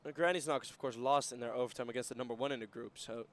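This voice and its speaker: A man's voice: medium pitch, racing, fairly bright tone. A man giving casual color commentary on an esports match, rambling with many fillers. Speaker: esports co-caster.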